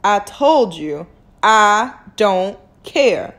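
Brief: woman reading as a contemptuous male doctor, curt, drawling, louder and harder than the narration. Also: medium pitch, lively intonation, extremely slow, heavily acted. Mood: sneering. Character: cold, sneering white male town doctor.

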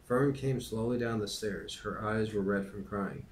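A man's voice: lowish voice, unhurried, a little hiss or hum. A man hosting a podcast, chatting casually with many fillers and then reading a children's book aloud. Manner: relaxed, hesitant, many fillers.

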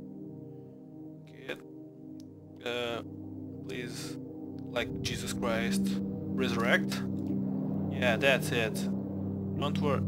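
A man doing let's play commentary, swearing a lot, yelping and shrieking in panic and dropping to whispers when scared. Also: mid-range voice. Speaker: gamer playing through a horror game. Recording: loud game music behind the voice. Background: loud game music.

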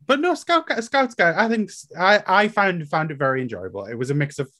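Halting podcast co-host, dry close sound. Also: mid-range voice, animated, sharp tone, dry recording. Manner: hesitant, halting. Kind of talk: casual chat.

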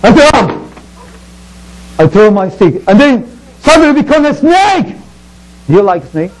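A man's voice: very high-pitched, sing-song, normal speed, a little mellow, low-quality recording. A man preaching to children as a pastor, telling a Bible story in the first person in simple, broken English and acting it out theatrically.

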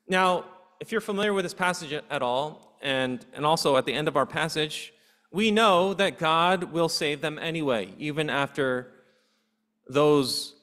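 A man's voice: a little high, fairly bright tone. A man pastor preaching a sermon earnestly, asking his congregation rhetorical questions. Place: church sanctuary. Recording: long hall reverb in a church.

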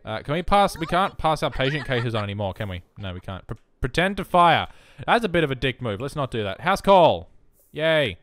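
A man's voice: mid-range voice, sing-song, brisk, few pauses, a bit bright. A man giving rambling, self-mocking let's play commentary alone in his room, full of jokey asides. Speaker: gaming commentator.

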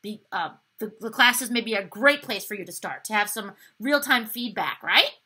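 A woman's voice: medium pitch, expressive, moderate pace, bright, forceful tone, breathy edge. A woman voice teacher giving an upbeat online singing lesson, encouraging students and demonstrating the exercises herself.

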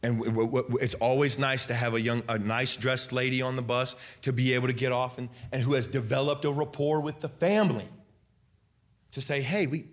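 A young man preaching a sermon as pastor, loud and animated, breaking into sing-song emphasis. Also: medium pitch, fairly quick. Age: young adult.

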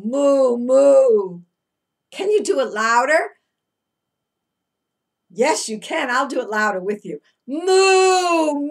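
A woman's voice: mid-range voice, fairly bright tone. A middle-aged woman teacher reading a picture book aloud to young children, chanting refrains and asking coaxing questions.

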